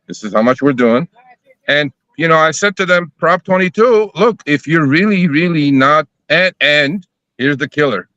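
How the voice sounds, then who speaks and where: Man for a casual live chat: bright voice, swears a lot, acts out both sides of his stories. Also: on the high side, normal speed, no echo, highs cut off. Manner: profane, animated storytelling, acting out both sides of conversations.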